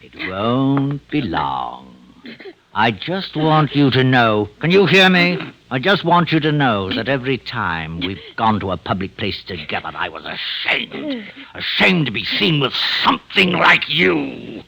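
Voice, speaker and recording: An actor playing a genteel middle-aged poisoner in a 1950s radio drama, who narrates, wheedles and turns cruel. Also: male voice, mid-range voice, big pitch swings, unhurried, gravelly, a crowd in the background, low-quality recording. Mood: venomous. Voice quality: theatrical, wheedling then venomous.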